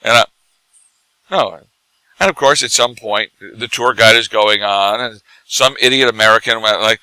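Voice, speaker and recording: A middle-aged man, drunk, telling animated stories in casual bar chat as a guest who acts and teaches comedy. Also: mid-range voice, moderate pace, clear, resonant tone, dry recording, rough recording. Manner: animated, laughing, tipsy anecdotes.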